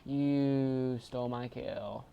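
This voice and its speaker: A man casually commentating his own video game play, chatty and bursting into excited shouts. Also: medium pitch, very slow, vocal fry, clear, resonant tone, muffled recording. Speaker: gaming channel host.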